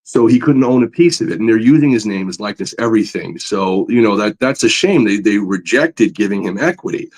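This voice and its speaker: A man, a comic book artist, chatting as a guest in an interview, telling stories with lively enthusiasm and many fillers. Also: on the low side, a little fast, few pauses. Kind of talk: casual interview storytelling.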